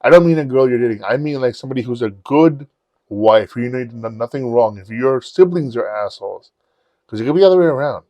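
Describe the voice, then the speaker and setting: Guy on a podcast swearing a lot, candid animated storyteller, dry close sound. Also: medium pitch, fast, no room sound. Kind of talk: casual storytelling chat.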